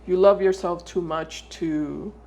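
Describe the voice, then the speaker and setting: A woman's voice: lowish voice, steady tone, dark tone. Woman giving a rambling tarot reading. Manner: loose and searching, often pausing and repeating words before going on. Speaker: tarot reader. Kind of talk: casual tarot reading addressed to viewers.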